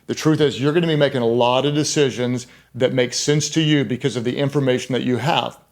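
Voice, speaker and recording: A man's voice: mid-range voice, steady tone, a little fast. Emphatic, conversational male pastor speaker. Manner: emphatic, repeats key words for stress; conversational and self-deprecating asides. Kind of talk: leadership talk to church and business leaders.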